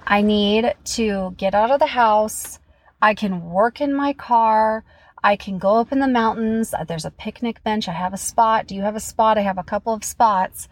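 A woman's voice: medium pitch, moderate pace, dry recording. A woman in her thirties hosting a solo podcast, talking candidly and chattily about her week and poking fun at herself. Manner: candid, chatty, self-mocking. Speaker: podcast host. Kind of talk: casual solo podcast talk.

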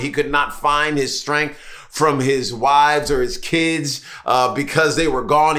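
A man preaching a sermon in a bright, forceful voice. He leans on rhetorical questions and repeats key lines slowly to drive them home. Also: medium pitch. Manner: repetitive preaching cadence, rhetorical questions, drawn-out emphasis. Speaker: pastor.

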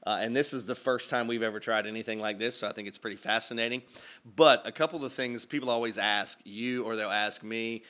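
A pastor who hosts a podcast talks from his home office in a steady, fairly bright mid-range voice, going a little fast. The show is casual and upbeat, he rambles and laughs a lot, and he records with a studio mic and headphones.

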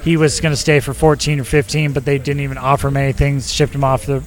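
A man's voice: medium pitch, level tone, fast talker. A middle-aged man, a former ball player, chatting casually and correcting himself as he tells stories. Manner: rambling, self-correcting storyteller. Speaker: former pro baseball player, podcast guest. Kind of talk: casual chat.

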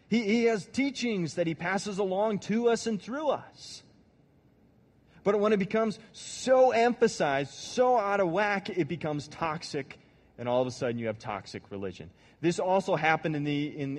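A man's voice: sits high, in a large hall. A man giving a casual, conversational sermon as a pastor, joking and acting out quotes along the way. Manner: conversational, acts out quotes, jokes.

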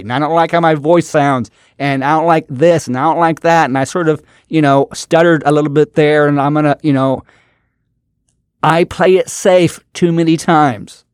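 A man's voice: a little high, no echo, clean studio sound. Fired-up motivational podcast man. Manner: emphatic, repetitive, exhorting. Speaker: podcast host and coach.

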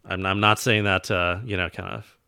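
A man in his thirties, a co-host, chatting casually in a relaxed, rambling way full of fillers. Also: deep voice, normal speed, vocal fry, clean tone, dry recording, clean studio sound. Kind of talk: casual chat.

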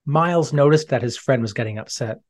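A gentle children's storybook narrator with an expressive manner and a mid-range voice. The reading is warm in pace and clear for young listeners. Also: medium pitch, a little fast.

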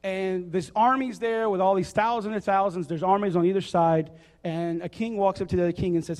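A man preaching a sermon, joking and acting out a story in a casual, animated way. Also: high voice, fairly quick. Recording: reverberant hall.

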